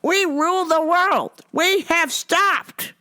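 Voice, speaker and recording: A woman's voice: very high-pitched, takes it slowly, bright, forceful tone, pitched above the performer's own voice, exaggerated voice. A woman voicing a self-righteous male customer who lectures and repeats himself insistently.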